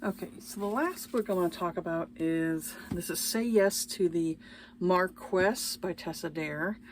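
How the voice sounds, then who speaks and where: A woman's voice: on the low side, a little slow, slight background noise. Chatty woman reviewing books. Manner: chatty and animated, acts out quoted lines, many fillers. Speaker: book reviewer. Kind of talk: casual book review chat.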